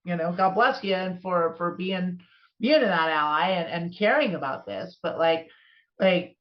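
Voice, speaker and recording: Riled-up woman rambling on a podcast. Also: lowish voice. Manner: heated, rambling, many restarts. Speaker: podcast co-host. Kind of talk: casual podcast chat. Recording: dull lo-fi sound.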